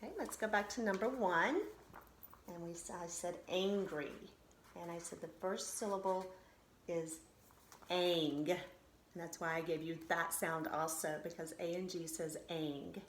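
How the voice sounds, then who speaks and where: A woman's voice: fairly low pitch, steady tone, slight background noise. Patient woman teaching phonics, echoey room. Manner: patient, sounds out syllables slowly and reassures. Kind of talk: recorded phonics lesson for children.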